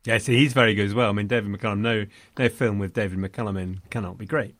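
A man's voice: lowish voice, fairly even intonation, fast, fairly bright tone, no room sound, clean studio sound. A man co-hosting a casual film discussion podcast, wry and mock-indignant, with theatrical emphasis.

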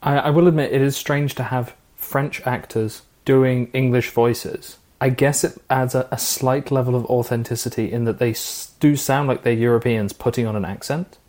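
A man co-hosting a film podcast, calm and reasonable, weighing his points carefully. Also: mid-range voice, normal speed, few pauses. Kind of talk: casual film review chat.

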